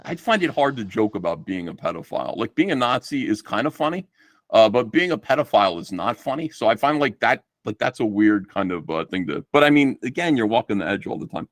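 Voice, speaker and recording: A middle-aged man rambles through a story with plenty of swearing. His pitch swings widely as he talks. The sound is dry and close, with almost no room. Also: a little fast, dry recording. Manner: rambling, profane, animated storytelling. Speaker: guest comic book artist. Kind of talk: casual livestream chat.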